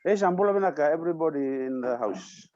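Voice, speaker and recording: A man's voice: on the high side, animated, quick pace, a little mellow. Friendly man on a muffled video call. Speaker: webinar guest. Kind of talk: casual greeting on a video call.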